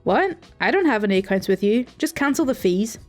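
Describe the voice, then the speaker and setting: A woman's voice: fairly high pitch, sing-song, brisk, faint music behind. A woman voicing an indignant elderly man who argues with his bank over fees, in a storytime reading. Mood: angry. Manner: indignant, stubborn and accusing.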